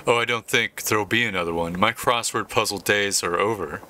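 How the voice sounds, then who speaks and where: A man's voice: on the low side, sharp tone, slight background noise. A man voicing a shy, earnest young man who stumbles over his feelings. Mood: bashful. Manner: halting, bashful delivery.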